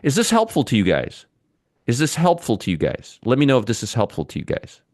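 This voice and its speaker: A middle-aged man hosts a live stock market stream, chatting, reading out viewer comments, and joking with and teasing his audience. His medium-pitched, darkish voice swoops wildly in pitch at a fairly quick pace, in studio-quality audio with no room sound.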